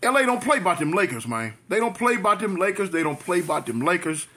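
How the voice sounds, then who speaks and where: A man's voice: sits high, very animated, quick pace, a bit bright, slight background noise. A man in his fifties from South Central Los Angeles, telling a story to his channel in a chatty way, with repetitions and street slang. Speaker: vlogger. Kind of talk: storytime monologue.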